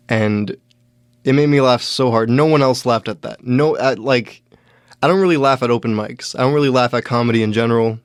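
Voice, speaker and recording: Halting young man telling a story. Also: mid-range voice, no room sound, clean studio sound. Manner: halting, many restarts and fillers, deadpan. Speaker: podcast host, stand-up comedian. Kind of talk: casual solo storytelling.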